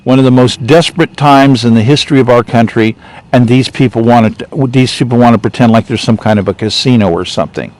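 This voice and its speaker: A man's voice: medium pitch, a little fast, darkish tone, rough recording. A man speaking as a political candidate in a rambling, off-the-cuff monologue, repeating himself and growing indignant.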